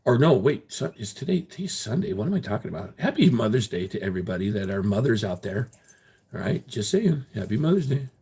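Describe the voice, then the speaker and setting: A man's voice: on the low side, sing-song, brisk, warm tone, breathy edge. A man hosting his own livestream, chatting casually with viewers and answering their comments bluntly, with frequent swearing. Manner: defensive, blunt, swears freely. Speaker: livestream host.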